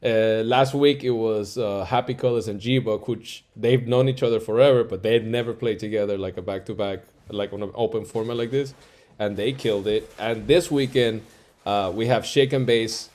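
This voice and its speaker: Animated man telling studio stories. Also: on the low side, normal speed. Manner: animated storyteller, acts out quoted dialogue; frequent fillers like "like" and "yo". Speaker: music producer and engineer. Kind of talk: casual interview chat.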